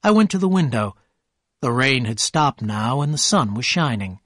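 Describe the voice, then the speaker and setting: Male narrator, slow and clear, husky, dry close recording, for learner audiobook. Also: medium pitch, sing-song, a bit bright, no echo. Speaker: storyteller for English learners. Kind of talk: scripted narration.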